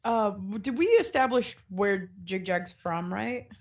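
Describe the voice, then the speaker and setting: A woman's voice: mid-range voice, animated, a little slow. A woman game master narrating a tabletop game in an ordinary mid-range voice. Her narration rambles, with many "like"s and "kinda"s. She describes each scene casually as she goes.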